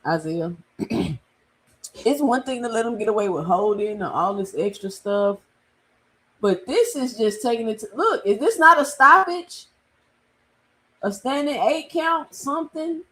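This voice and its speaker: Woman livestreaming, animated and incredulous. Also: on the high side, unhurried, long pauses. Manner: incredulous, laughing, talks to chat. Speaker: boxing streamer host. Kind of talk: live reaction commentary.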